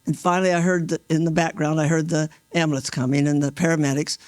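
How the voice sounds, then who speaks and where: A man in his sixties tells his story at an awards event, earnest and halting, often restarting his sentences. His voice sits a little high for a man. The sound is dry and close on a stage microphone. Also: flat delivery, no room sound. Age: 60s. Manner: earnest, halting, with many restarts and re-enacted quotes. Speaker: mail carrier honored at an awards event. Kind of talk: emotional first-person storytelling.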